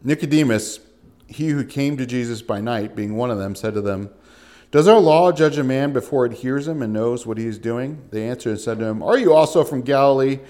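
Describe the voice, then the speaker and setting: A man working through a scripture passage as a teacher, reading verses aloud and acting out the quoted voices with rising emphasis. His voice sits at an ordinary middle pitch. Between readings he talks plainly, with frequent "right?" and "you know" asides. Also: fairly quick. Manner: reads scripture aloud with lively, animated quoting of voices. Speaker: pastor. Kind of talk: expository Bible teaching.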